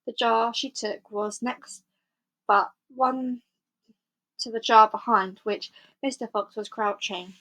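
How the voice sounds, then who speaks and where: A woman reading a children's book aloud, telling the story in a clear, measured way. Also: on the high side, fairly even intonation, a bit bright, low-quality recording. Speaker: storybook reader.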